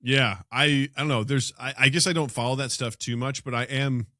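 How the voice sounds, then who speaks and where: Man, podcast co-host, casual chat, bright voice, dry sound, animated storytelling. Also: fairly quick, dry recording. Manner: animated storyteller, loud high-pitched impressions of startled gamers.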